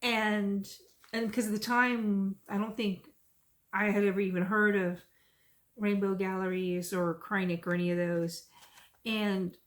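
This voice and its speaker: Speaking a little slowly in a mid-range voice, this middle-aged Texan woman talks about her cross stitch in a chatty, rambling way. She perks up and gets lively when retelling her stories.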